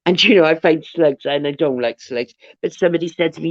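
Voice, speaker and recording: A woman's voice: low-pitched, brisk, dry recording. A woman hosting a livestream, rambling chattily through viewer comments with frequent restarts. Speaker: livestream host. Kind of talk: casual chat, reading viewer comments aloud. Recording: dull, dry, lo-fi audio.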